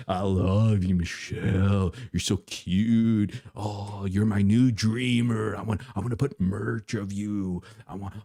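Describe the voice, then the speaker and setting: A man's voice: on the low side, darkish tone. A man hosting a casual live stream, reading viewer comments aloud and teasing one chatter in a playful, crooning way.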